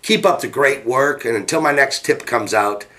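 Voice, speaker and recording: A middle-aged man coaching his listeners through a personal story, his voice energetic and lively. He speaks at a mid pitch and leaps higher when he acts out what people said. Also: moderate pace. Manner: energetic, animated, jumps pitch to act out quotes. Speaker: business coach. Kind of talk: motivational storytelling to camera.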